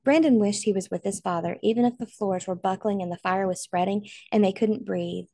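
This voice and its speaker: A woman's voice: mid-range voice, brisk, warm tone, no room sound. A woman narrating a novel aloud in an earnest, emotional way. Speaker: audiobook reader.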